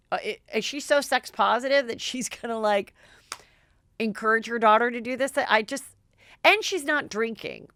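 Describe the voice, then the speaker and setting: Animated gossiping woman host, smooth and dry. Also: mid-range voice, dry recording. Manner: animated, acts out quotes in raised voices. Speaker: podcast host. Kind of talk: gossipy recap of reality TV.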